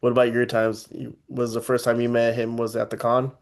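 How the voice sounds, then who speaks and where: A man's voice: medium pitch, brisk, creaky. A young man from Texas telling a story in casual podcast chat, acting out the people he quotes. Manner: animated, acts out quoted voices. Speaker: podcast host.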